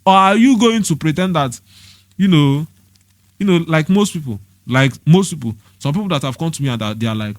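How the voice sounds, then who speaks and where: A man's voice: on the high side, lively intonation, brisk, no room sound. A young Nigerian man giving a preachy, scolding monologue, hammering the same points with rhetorical questions. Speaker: motivational vlogger.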